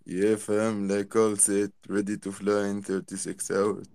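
A man's voice: on the low side, monotone, unhurried, creaky, darkish tone. A man in casual chat, easygoing, using lots of slang. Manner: easygoing slang, says fam.

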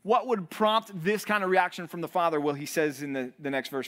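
A man, a pastor, preaching a sermon in an earnest way, his voice swelling and then dropping low for emphasis, often repeating words as he builds. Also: steady tone, a little fast, hardly any pauses, fairly bright tone. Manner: repeats and restarts words while building intensity.

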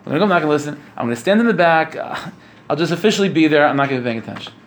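A man's voice: on the high side, lively intonation, rapid-fire. A man voicing a devout young married scholar who loves food, muttering to himself and then uplifted. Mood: reluctant.

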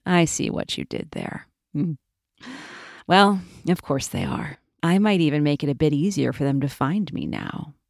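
A dark and ancient war goddess, voiced by a woman storyteller, speaks low and weary. Her scorn comes through in a dry, close-miked voice. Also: big pitch swings, moderate pace, gravelly, dry recording, full character voice. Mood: wry. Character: brooding ancient female war goddess, disdainful.

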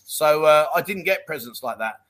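Middle-aged male host, casual live chat, laughs a lot, matey and jokey; slightly high, bright voice. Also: animated, normal speed. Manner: jokey, laughs often, calls people mate. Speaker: live chat show host reading viewer comments.

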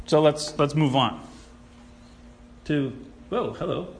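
A man preaching a sermon, animated and sarcastic, who acts out the people he quotes. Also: fairly high pitch, slow. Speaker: pastor.

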